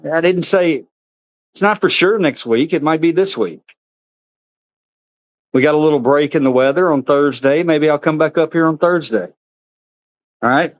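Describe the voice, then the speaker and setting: The recording is dry, and the man speaks at a moderate pace with frequent pauses. He's a vlogger chatting casually on a handheld camera at an outdoor animal park, using a high sing-song voice to talk to the animals.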